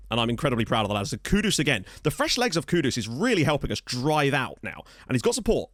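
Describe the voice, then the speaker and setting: A man running through a football management game at a quick clip. His pitch leaps up and down as he jokes around and yells when the big moments land. The recording is dry and close, with no room sound. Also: dry recording. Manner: excitable, jokey, shouts at goals. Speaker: gaming YouTuber. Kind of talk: let's play commentary.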